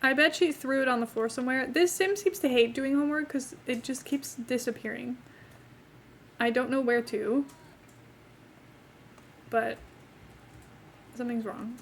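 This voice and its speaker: An unhurried young woman streamer, her voice pitched high, chats with her viewers over a life-sim game, with long pauses between thoughts. She hops between topics and talks both to her chat and to the characters on screen. There's a little hiss or hum, and her accent is not from England.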